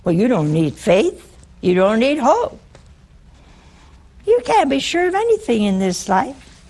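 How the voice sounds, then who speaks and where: A woman's voice: fairly high pitch, very animated, unhurried, darkish tone. A woman preaching a humorous sermon in a wry, teasing way, often putting questions to her listeners.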